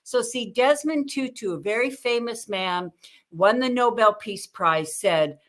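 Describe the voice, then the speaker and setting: An older woman, a guest on an interview show, telling lively stories about communication and acting out the people she quotes. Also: fairly high pitch, a little slow. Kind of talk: conversational interview with storytelling.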